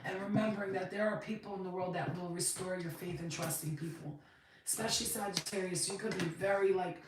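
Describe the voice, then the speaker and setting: A woman's voice: on the low side, steady tone, brisk. A woman giving a casual spiritual reading, emotional and emphatic, swearing freely as she talks. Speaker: tarot card reader. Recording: very echoey room, mic far off, noisy.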